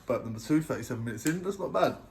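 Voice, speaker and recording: A man's voice: mid-range voice, expressive, racing, vocal fry, a little mellow, slight background noise. Earnest man telling a story. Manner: earnest, emphatic, keeps checking in with "yeah?". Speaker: vlogger telling his own story. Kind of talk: casual storytelling to camera.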